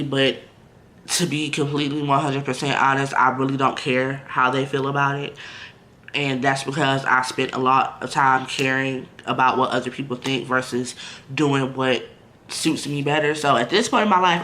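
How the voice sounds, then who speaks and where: A man's voice: mid-range voice, bright, forceful tone. A man talking candidly to the camera in a casual vlog, blunt and conversational, full of fillers and direct asides to viewers. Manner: candid and blunt, lots of "like" and "you know". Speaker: vlogger.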